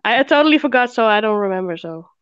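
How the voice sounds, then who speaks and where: Casting note: Dutch-accented woman, slightly high, giggly and hesitant, muffled dry call audio. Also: expressive, clean tone, dry recording. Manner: giggly, hesitant, halting English. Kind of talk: casual chat.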